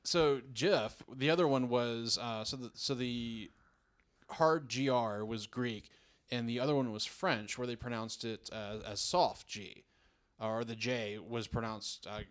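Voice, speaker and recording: A man's voice: mid-range voice, measured pace, clean tone. Southern man, chatty podcast guest, rambling, self-deprecating. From American South. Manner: rambling, self-mocking, many restarts. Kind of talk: casual chat.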